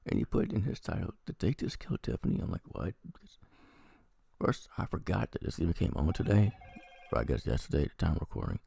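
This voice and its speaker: Male reviewer, Midwest, unwell; deep husky rasp, lively swings in pitch, sarcastic rambling delivery. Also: a little fast, dry recording. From American Midwest. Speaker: TV episode reviewer. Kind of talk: casual spoken review.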